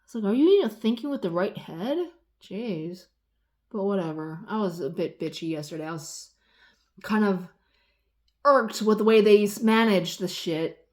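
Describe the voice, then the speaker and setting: A woman in her forties ranting casually, rambling and swearing, losing her train of thought and swinging between loud exasperation and low muttering. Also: animated, normal speed. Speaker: vlogger. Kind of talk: casual rant.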